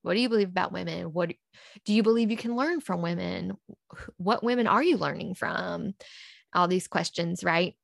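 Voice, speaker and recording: A woman's voice: lowish voice, moderate pace, gravelly, dry recording, studio quality. A woman, a podcast guest, earnestly recounting a personal story and acting out past conversations in quotes.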